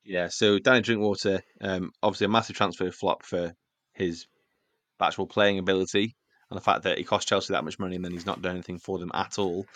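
A man's voice: low voice, little pitch movement, brisk, fairly bright tone, no echo. A man hosting a casual football podcast, reeling off stats with a wry, chuckling manner.

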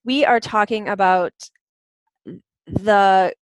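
A woman's voice: medium pitch, slow, clean tone, dry recording. A woman co-hosting a podcast, talking in a chatty, playful way. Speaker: podcast co-host. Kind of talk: casual chat.

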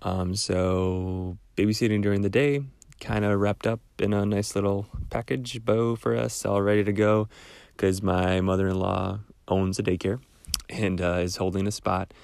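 A young man with a cold, hosting a casual solo podcast in a rambling, relaxed way with small laughs. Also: lowish voice, moderate pace, gravelly, clear, resonant tone, dry recording. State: stuffed-up cold voice. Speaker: podcast host.

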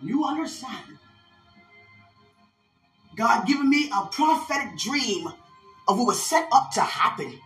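A woman's voice: a little high, sing-song, unhurried, long pauses, fairly bright tone, soft background music. Fervent woman preacher, echoey room. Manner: fervent preaching, call-outs to listeners. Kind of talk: prophetic sermon.

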